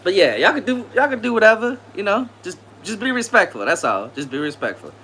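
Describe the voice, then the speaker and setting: With slight background noise behind him, a man hosts a live stream and talks a little fast as he answers chat. He keeps it laid-back and slangy, laughing often, in a bright, fairly high male voice that swings widely in pitch from line to line.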